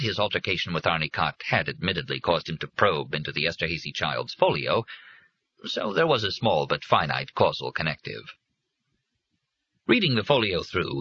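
A man reading a novel aloud as an audiobook narrator, in measured scripted narration. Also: low voice, pushed and bright, husky, dry recording. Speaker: audiobook reader. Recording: dry, dull lo-fi recording.

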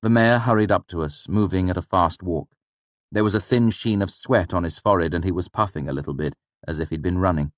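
A man narrating an audiobook in the first person, in a measured, reflective storytelling manner. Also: sits low, dry recording.

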